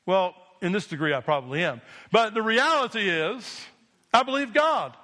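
A male pastor preaches a sermon to his congregation in a voice high-pitched for a man, bright and ringing. His delivery is firm and emphatic, full of repetition, with lively intonation at a moderate pace. He keeps checking in with the room through repeated call-and-response "Amen?"

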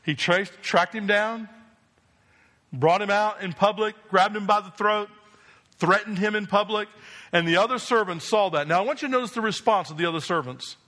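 A man's voice: sits high, moderate pace, bright, forceful tone. A man from New Jersey preaching a sermon as pastor, emphatic and asking the congregation rhetorical questions.

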